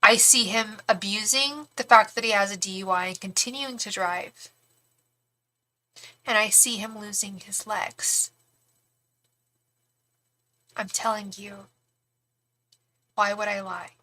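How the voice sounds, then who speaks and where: A woman's voice: mid-range voice, steady tone, slow, pauses often, sharp tone. A woman giving a live-stream tarot reading, talking frankly and chattily, with lots of fillers and some swearing. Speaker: tarot reader and psychic.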